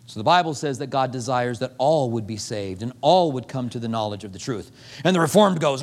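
A man's voice: mid-range voice, fairly quick. A man preaching a sermon as pastor, acting out little dialogues as he goes. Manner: animated preaching with acted-out dialogue. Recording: long hall reverb.

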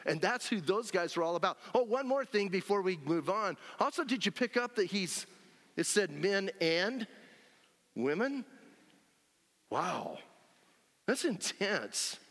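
A man preaching a sermon in an animated, conversational way, often checking in with his listeners. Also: high-pitched, unhurried, long pauses. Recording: long hall reverb.

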